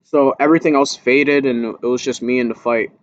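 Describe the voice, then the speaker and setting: A man recounting his fight nerves in a casual, candid way, cursing without a filter. His voice sits at an ordinary middle pitch, and the sound is dry and close with no room echo. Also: fairly even intonation, brisk, dull audio. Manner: candid, swears freely, gets louder and higher as he relives panic. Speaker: amateur boxer. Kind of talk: casual storytelling to camera.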